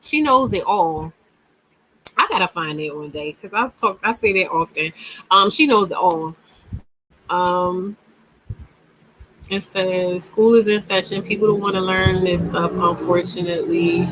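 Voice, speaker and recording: A woman's voice: fairly low pitch, a little slow, long pauses, a bit bright, a little hiss or hum, poor audio. A woman hosting a casual commentary, reacting to a clip and reading comments aloud, emphatic and given to repeating words mid-thought.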